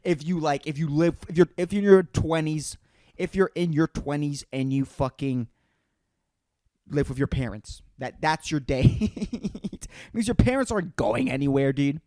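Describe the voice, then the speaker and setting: A man talks alone into the mic for his podcast, sarcastic and profane, drifting from one gripe to the next and tossing in "dude" every few lines. His voice sits a little high for a man. The sound is dry, with no room echo. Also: normal speed, mellow. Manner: rambling, sardonic, profane, says "dude" constantly. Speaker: podcast host. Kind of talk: solo podcast monologue. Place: indoors in front of a green screen.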